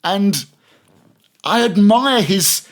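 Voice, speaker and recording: A man's voice: sits high, lively intonation, drawn-out words. A man, a veteran radio presenter, telling anecdotes in a casual podcast interview, chatty and full of restarts. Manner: chatty anecdotal, many restarts, laughs through stories.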